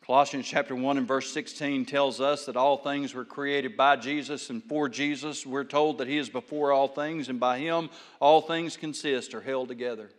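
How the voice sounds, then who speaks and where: A man preaching a sermon, telling folksy stories and swinging between loud bursts and hushed lines. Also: mid-range voice, big-room sound. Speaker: pastor.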